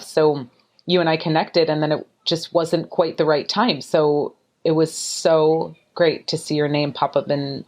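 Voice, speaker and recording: A woman hosting a podcast interview, bubbly and exclamatory, her voice leaping up in pitch as she gets excited. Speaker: podcast host. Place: apartment in a city, children outside.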